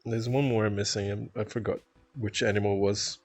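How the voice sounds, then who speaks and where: A man's voice: on the low side, fairly even intonation, normal speed, a little mellow, no echo. A man from Toronto with a Canadian accent, chatting casually on a live stream, reading chat aloud, rambling and laughing often.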